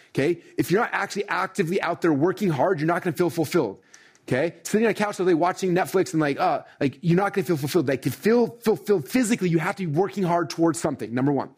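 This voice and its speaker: A middle-aged success coach with a husky, slightly high, somewhat mellow voice gives a motivational training talk to a live audience. He talks rapidly, keeps the energy high, and peppers his speech with "right?" and "like".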